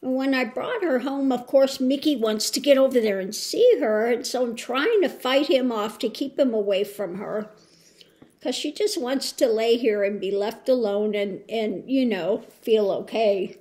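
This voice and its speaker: Woman host, unhurried, slightly high voice, rambling and soft, coos to pets at home. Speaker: spiritual tarot channel host. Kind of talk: casual home update.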